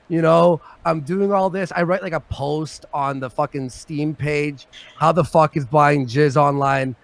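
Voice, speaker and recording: Male stream host, gravelly edge, slightly high; animated, profane storyteller. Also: normal speed, dry recording. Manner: animated, swearing storyteller who swings from loud to mumbled. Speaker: show host. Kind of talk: casual livestream chat.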